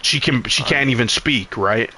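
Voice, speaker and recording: Male streamer, bright edgy tone, profane rambling recap, mid pitch. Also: moderate pace, slightly rough. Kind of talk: casual recap while gaming.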